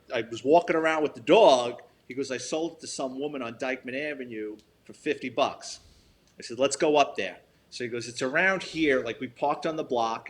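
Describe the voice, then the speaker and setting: A man's voice: mid-range voice, a little hiss or hum. An older man, a retired detective telling stories in an interview, blunt and profane, acting out quoted dialogue. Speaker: retired police detective, guest. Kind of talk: storytelling interview.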